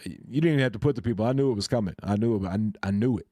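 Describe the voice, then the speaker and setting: A man's voice: on the low side, very fast, mellow, no echo, clean studio sound. A man hosting a casual live stream, laughing often as he greets and answers his chat. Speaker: crypto live-stream host.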